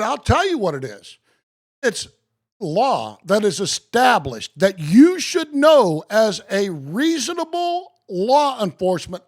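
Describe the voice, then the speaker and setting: A man live-streaming, joking with viewers by name and reading case law aloud slowly and with emphasis. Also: sits high. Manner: slow, emphatic reading of legal text.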